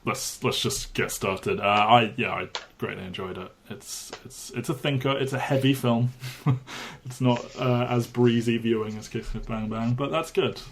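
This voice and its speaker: A man's voice: medium pitch, moderate pace, a little hiss or hum. A man co-hosting a podcast, talking casually about films with many restarts and fillers. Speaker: podcast co-host. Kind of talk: casual film discussion.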